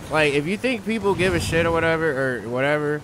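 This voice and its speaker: A man's voice: on the high side, lively intonation, quick pace, background noise. A young man ranting in casual commentary over a video game, heated, profane and rambling. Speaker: gaming YouTuber.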